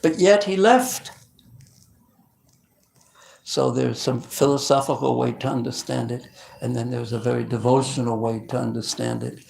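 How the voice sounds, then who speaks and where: A male preacher telling devotional stories in a lively sermon, often stopping and restarting his sentences. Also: medium pitch, brisk, gravelly, a little hiss or hum, rough recording. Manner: animated, with frequent restarts.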